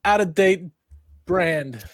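Man, high voice, laughs a lot, casual podcast chat, dry close mic. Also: lively intonation, takes it slowly, no echo. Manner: laughs often, reads out tweets. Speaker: podcast co-host.

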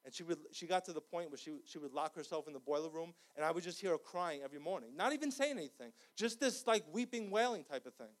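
A man preaching an impassioned sermon in a church, swinging from loud cries to quiet pleading. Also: a little high, expressive, fast talker, hardly any pauses. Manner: impassioned, rising to shouts.

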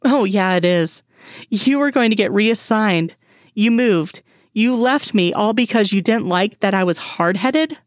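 A woman's voice: medium pitch, animated, unhurried, dry recording, clean studio sound, close to an everyday voice. A woman voicing a wry grown man, a teasing FBI agent, in a fan story reading. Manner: teasing, laughing.

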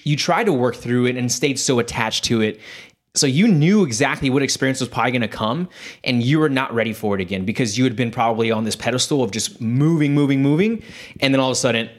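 A man with a mid-range voice who talks quickly and keeps restarting his sentences as he hosts a casual podcast chat. He sounds animated and eager, piling one point onto the next. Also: medium pitch. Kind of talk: casual conversation.

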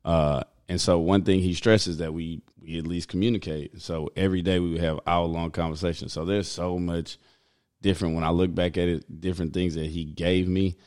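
Casting: young man, very low voice, relaxed slangy banter with frequent laughs. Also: normal speed. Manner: laid-back, laughs often, slangy. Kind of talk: casual chat.

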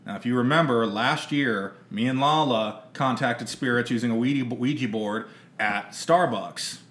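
A man's voice: mid-range voice, measured pace, fairly bright tone, echoey room. A man hosting a casual podcast chat, teasing his co-hosts with mock-solemn buildups. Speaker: podcast host.

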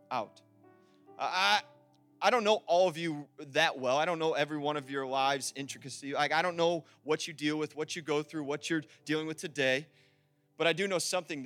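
Preaching a sermon in a high voice, a man stays loose and conversational before pushing into loud, emphatic passages. Soft music plays quietly beneath him, and there is no room sound.

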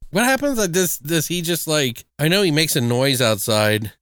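A man's voice: on the high side, normal speed, smooth, no room sound, clean studio sound. A man hosting a podcast, retelling a film plot in casual, profane chat. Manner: animated, profane storytelling. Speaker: podcast host, film reviewer.

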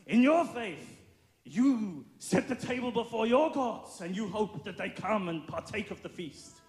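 A man doing a German accent to voice a fervent male evangelist who preaches to crowds, declaiming slowly. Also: sits high, animated, darkish tone, echoey room. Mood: emphatic.

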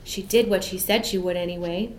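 A woman voicing a sensible, earnest young girl who speaks to steady her younger brother in a storybook reading. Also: lowish voice, fairly quick, a little hiss or hum, close to an everyday voice.

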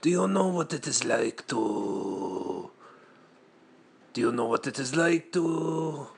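A man talks slowly and deadpan, with a gravelly rasp. He strings together rambling, absurd rhetorical questions in a comic monologue. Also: medium pitch. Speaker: comedian.

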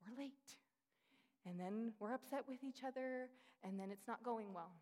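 A woman in her thirties preaches to a congregation, her voice sitting a little high. She tells family stories and acts out the voices of the people in them. Her voice carries a long reverb, as in a large hall. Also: moderate pace. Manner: animated storytelling, acting out quoted voices. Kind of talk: sermon with personal stories.

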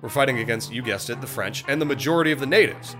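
A man casually telling a history story as a podcast co-host, animated and profane, slipping into voices for quotes. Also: mid-range voice, fast talker, faint music behind.

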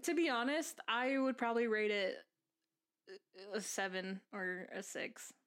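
A woman's voice: on the high side, expressive, unhurried, a bit bright, clear, resonant tone. A woman co-hosting a casual chat, teasing and joking with her friend. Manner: teasing, jokey banter. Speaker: podcast co-host.

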